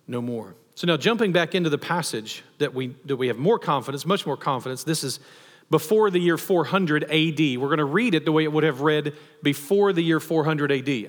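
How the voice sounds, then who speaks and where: A man preaching a sermon as pastor, animated and asking the congregation questions. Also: a little high. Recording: long hall reverb.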